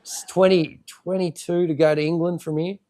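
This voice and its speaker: Brief: Australian male co-host, high voice, crude joking banter. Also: little pitch movement, normal speed, warm tone. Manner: laughing, profane, teasing. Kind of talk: casual podcast banter.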